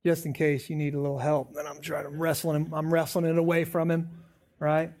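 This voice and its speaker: A man preaches in a high, animated voice. He keeps a conversational tone and slips into little acted-out voices of anxious people. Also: brisk. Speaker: pastor. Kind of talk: sermon.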